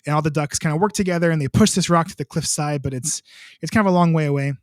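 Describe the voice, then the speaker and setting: A man's voice: fairly high pitch, fast talker, no room sound, clean studio sound. A young adult man, a composer, telling a long story in a casual, rambling way, full of filler words. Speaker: composer, podcast guest.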